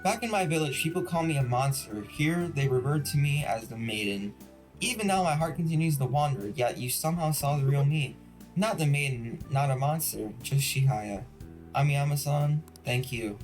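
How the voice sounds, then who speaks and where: A man's voice: fairly high pitch, expressive, moderate pace, soft background music, natural voice. A man reading an earnest young fortune teller. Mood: reflective. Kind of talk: voiced reading of game dialogue.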